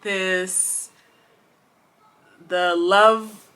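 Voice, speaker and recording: A woman chatting to camera about books she read, rambling with many fillers and restarts, passionate and expressive. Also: medium pitch, very slow, clear, resonant tone. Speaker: booktuber. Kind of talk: casual chat to camera.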